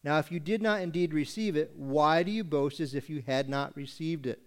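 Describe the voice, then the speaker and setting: Male pastor, sermon, emphatic and deliberate, slightly high voice. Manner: emphatic, deliberate, rhetorical questions.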